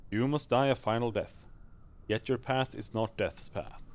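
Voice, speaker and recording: A man's voice: medium pitch, normal speed, close to an everyday voice. A man voicing a stern, tormented male githzerai warrior, reading game dialogue aloud in solemn, formal speech.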